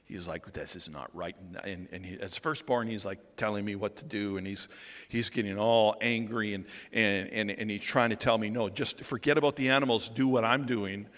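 A man preaching while playing Abel, a young biblical shepherd, speaking softly and earnestly with stumbling restarts, in a reverberant hall. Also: fairly low pitch, steady tone, fairly quick, voice pushed down, close to an everyday voice. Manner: soft-spoken, rambling with restarts.

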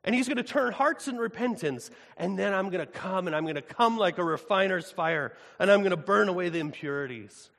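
A preacher acting out an angry, indignant God with loud, drawn-out outrage in a reverberant hall. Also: male voice, sits high, lively intonation, creaky, voice pushed up, full character voice. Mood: solemn. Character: furious booming God, wrathful and indignant.

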